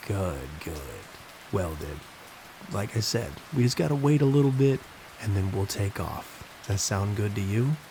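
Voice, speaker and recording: A man's voice: fairly low pitch, animated, unhurried, gravelly, mellow, slight background noise, rough recording. A man doing a creepy New York clown. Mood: coaxing. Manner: wheedling, coaxing. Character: creepy male party clown with thick New York accent.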